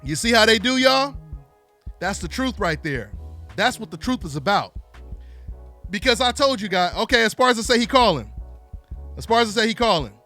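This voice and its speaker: High-voiced, bright-toned man hosting a talk show. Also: moderate pace, long pauses, faint music behind. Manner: animated, taunting, repeats himself. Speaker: boxing talk show host. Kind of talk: solo live call-in boxing talk.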